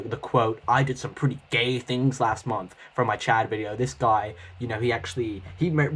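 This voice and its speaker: A man's voice: mid-range voice, low-quality recording. A man answering his critics in a reaction video, defensive and sarcastic, swearing now and then.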